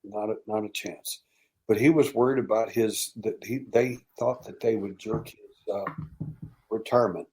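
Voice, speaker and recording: An American man guesting on a podcast, telling long stories with lively acted-out dialogue. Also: fairly low pitch, moderate pace. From United States. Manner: animated storyteller acting out quoted dialogue. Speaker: podcast guest, alien abduction researcher. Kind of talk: storytelling in casual interview.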